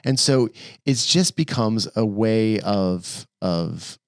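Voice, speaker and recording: A middle-aged man co-hosting a podcast in casual chat, rambling and animated with frequent restarts. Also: lowish voice, takes it slowly, no room sound, studio quality. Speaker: podcast co-host.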